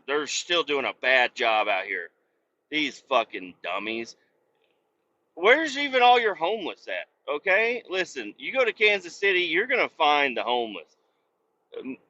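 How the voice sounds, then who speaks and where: A foul-mouthed trucker rants and mocks from the cab of his truck, his voice bright and a touch high. He rambles between yelling and mumbling asides. The recording is dull and lo-fi. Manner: profane, mocking, rambling. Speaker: truck driver and podcast host. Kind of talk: profane rant while driving. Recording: dull lo-fi sound.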